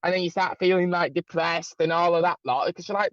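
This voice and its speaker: Animated man in casual chat, dull lo-fi sound. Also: high-pitched, fast talker, no room sound. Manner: animated, mimics others in raised voice, swears.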